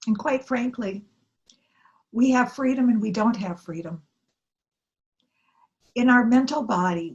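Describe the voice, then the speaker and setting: A middle-aged woman minister giving an earnest sermon, telling stories and acting out what people said. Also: mid-range voice. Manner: earnest, storytelling with acted-out quotes.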